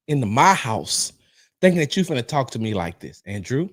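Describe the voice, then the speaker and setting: A man's voice: a little high, very animated, normal speed. A man hosting a casual sports livestream, ranting at a troll in the chat. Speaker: livestream host. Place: home streaming setup.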